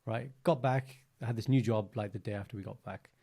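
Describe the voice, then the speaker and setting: A man, co-hosting a podcast in a chatty, animated storytelling way with lots of fillers. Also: on the low side, a little fast, husky. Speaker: podcast co-host. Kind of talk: casual chat.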